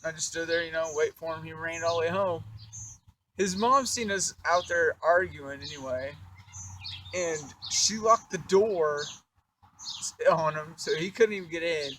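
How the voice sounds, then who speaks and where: A young man with a fairly high voice tells a story from his own life. He rambles casually with lots of fillers and swearing, and his energy keeps rising as he gets into it. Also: measured pace, distant mic, a little hiss or hum. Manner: animated, profane, rambling with fillers. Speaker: vlogger.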